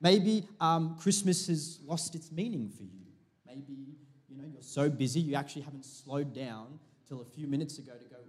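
A man's voice: mid-range voice, lively intonation, normal speed, breathy edge. A man preaching a sermon to a church congregation, in a chatty, joking manner with frequent restarts. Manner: chatty, jokey, self-interrupting preaching. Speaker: pastor.

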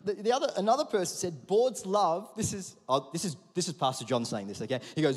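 A pastor preaches in a big church hall, his voice sitting a little high for a man. He tells his story in an animated, chatty way and calls the congregation to answer back. Long reverb trails after every phrase. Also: moderate pace, hardly any pauses. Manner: lively, conversational, with audience call-and-response. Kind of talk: sermon with storytelling. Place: large church auditorium.

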